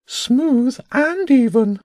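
A man voicing a plump, courtly male pigeon in a storybook reading, high and drawn out. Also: animated, very slow, a little mellow, dry recording, clean studio sound, exaggerated voice. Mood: coaxing. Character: pompous chirpy male pigeon, plump bird.

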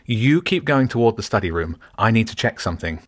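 A man's voice: on the low side, lively intonation, a little fast, no echo, studio quality, pitched above the performer's own voice. A man doing an urgent, resourceful teenage boy. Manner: urgent and insistent. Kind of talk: audiobook character voice.

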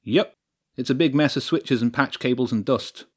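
A man voicing a young, wiry male lighting technician who talks fast and shows off his gear. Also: medium pitch, slightly rough, pitched above the performer's own voice, natural voice. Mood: eager.

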